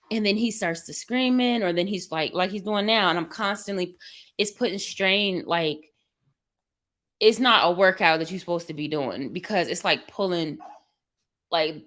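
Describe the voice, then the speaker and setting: A young woman vlogger with a fairly low, slightly bright voice chats to her livestream viewers from her bedroom at home. She rambles and vents openly and emotionally about feeling exhausted and overwhelmed by her baby.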